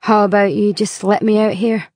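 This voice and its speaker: A woman voicing a weary, scruffy middle-aged male hitchhiker who talks in a glum, defensive monotone. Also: mid-range voice, normal speed, no echo, studio quality, close to an everyday voice. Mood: bleak.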